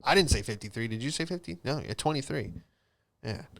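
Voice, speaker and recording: A young man from Florida hosts a casual solo podcast, his medium-pitched voice animated, brisk, a bit bright and edged with vocal fry. He's laid-back, rambling through stories in loose slang.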